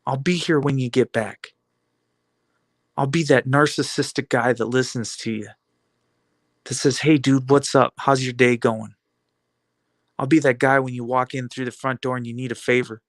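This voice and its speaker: A man's voice: mid-range voice, fairly even intonation, moderate pace, no room sound. A man giving a defiant, taunting monologue full of rhetorical questions and repeated phrases. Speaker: video blogger.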